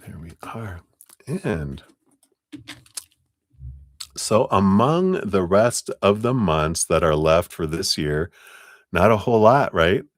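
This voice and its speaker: A man with a very low voice talks through a tarot reading on a live stream. He rambles in a relaxed, casual way, with plenty of fillers, and cheerfully thanks viewers by name. The sound is dry and close. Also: takes it slowly, long pauses, dry recording. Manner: loose, rambling delivery with many fillers. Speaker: tarot reader.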